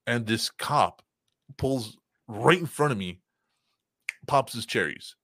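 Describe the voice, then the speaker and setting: A man's voice: mid-range voice, expressive, takes it slowly, a bit bright, dry recording, studio quality. A young man hosting a podcast, telling stories in a rambling, profane casual chat full of fillers. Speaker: podcast host.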